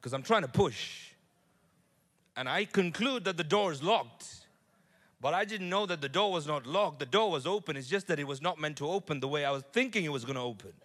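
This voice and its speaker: A man preaching a sermon to his congregation, lively, repeating words and building to loud climaxes. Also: on the high side, fairly quick. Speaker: pastor.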